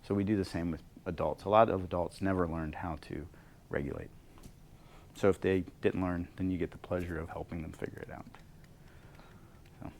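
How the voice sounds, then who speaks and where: A low, gravelly male voice leads a leadership workshop. He teaches with energy and acts out each side of the conversations he describes. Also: a little fast, pauses often, a little hiss or hum. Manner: animated, acts out both sides of conversations. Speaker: leadership coach leading a workshop.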